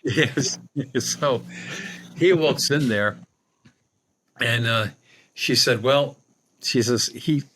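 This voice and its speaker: A man's voice: medium pitch, very slow, pauses often, a bit bright, a little hiss or hum. A middle-aged man, a guest medium on a podcast, telling a long anecdote and acting out the dialogue. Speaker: guest medium and paranormal investigator. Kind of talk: storytelling in a podcast interview.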